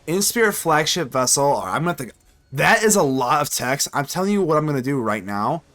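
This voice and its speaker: Male streamer, live gameplay commentary, very animated delivery, talks to himself as he plays. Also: fairly high pitch, fast. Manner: chatty, excitable, thinks aloud, swings from playful to worried. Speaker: card game streamer and channel host.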